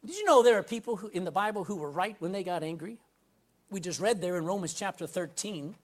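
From the pulpit of a church, a pastor delivers a sermon a little fast in a high-pitched voice with lively intonation. Emphatic throughout, he alternates loud scripture readings with quiet asides and questions the congregation directly.

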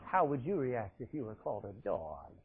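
A man preaching a sermon, emphatic, swinging between loud and quiet. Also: mid-range voice, big pitch swings, moderate pace, background noise. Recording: tinny phone-like sound.

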